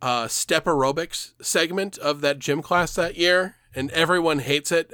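A man with a somewhat high voice tells a meandering story in casual podcast chat, cursing freely and chuckling between his thoughts. He sits close to the mic in a dry, deadened room. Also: a bit bright, smooth, no room sound. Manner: rambling, swears freely, laughs mid-story.

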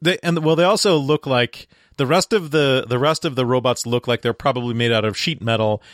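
Laid-back podcast man, mid pitch. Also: a little fast, dry recording, clean studio sound. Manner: laughs often, relaxed and chatty. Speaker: podcast co-host. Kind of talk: casual movie review chat.

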